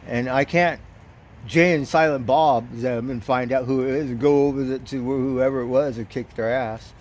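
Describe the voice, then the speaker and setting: A man's voice: medium pitch, normal speed. Man telling a profane story outdoors. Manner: profane, chuckling, animated retelling. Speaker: livestreamer. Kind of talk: casual storytelling.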